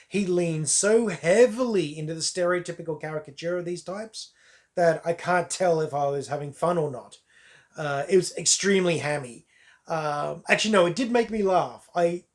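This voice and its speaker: A man giving a casual, wry and candid spoken review of a movie on camera. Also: on the high side. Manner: wry, candid, offhand asides. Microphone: camera mic.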